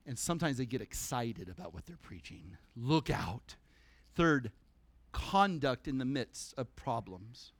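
A man preaching a sermon at a church service, animated and conversational, breaking into humorous asides. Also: mid-range voice, unhurried, no echo.

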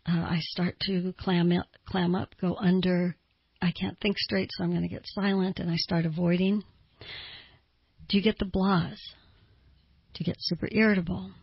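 A middle-aged woman with a low, gravelly and slightly husky voice talks through a podcast lesson as a therapist. She explains calmly and slows down over lists of feelings. The sound is dry and a little dull. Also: no room sound. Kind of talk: podcast teaching talk.

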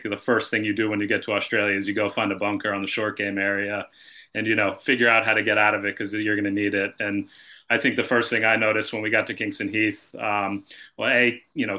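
An American man from the north-east USA, a golf professional guest on a podcast, talking casually with many fillers and trailing off softly. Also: on the low side.

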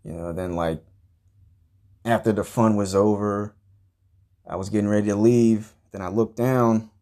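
A man hosting a comedy podcast, telling a crude, profane story in a rambling, deadpan way and grumbling about everything. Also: fairly low pitch, measured pace. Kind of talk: improvised comedic monologue.

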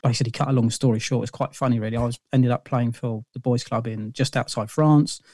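A man's voice: mid-range voice, fairly even intonation, fast, a little mellow, dry recording. A middle-aged man, a podcast guest telling long stories in a rambling way, full of fillers and restarts. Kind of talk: casual interview storytelling.

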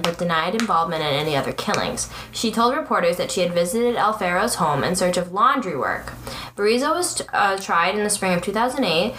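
A woman's voice: fairly low pitch, fairly bright tone, slight background noise. Giggly young woman reading a crime case aloud, tripping on words, in a roomy space. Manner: giggly, stumbles over words while reading. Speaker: podcast co-host. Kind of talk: casual true-crime chat, reading aloud.

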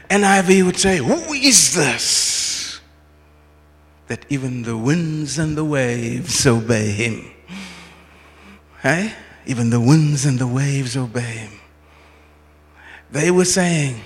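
A man's voice: a little high, takes it slowly. Preaching man in a reverberant hall. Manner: rising and falling preaching delivery, asks the congregation questions; repeats and restarts phrases. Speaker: pastor. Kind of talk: sermon.

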